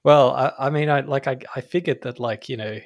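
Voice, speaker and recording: A man's voice: mid-range voice, fairly quick, no echo, clean studio sound. A man co-hosting a podcast, chatting casually, hesitant and sheepish with many restarts. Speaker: podcast co-host. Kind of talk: casual chat.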